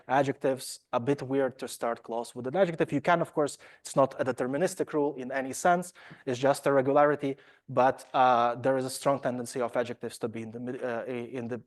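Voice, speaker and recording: Man lecturing with many hesitant fillers. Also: medium pitch. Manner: wry self-deprecating asides. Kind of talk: academic lecture.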